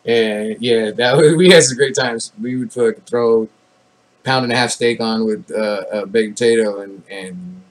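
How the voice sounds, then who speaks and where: A man's voice: fairly low pitch, measured pace, low-quality recording. A man in his thirties, an army veteran telling stories in a casual, rambling monologue full of fillers and restarts, swearing now and then. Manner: rambling, laid-back, many fillers and restarts.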